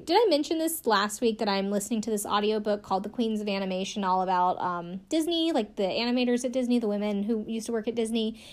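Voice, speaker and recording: A young adult woman hosting a casual podcast recap, chatty and rambling, with many "like" fillers and wry asides. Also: mid-range voice. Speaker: podcast host. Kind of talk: casual recap of a reality show.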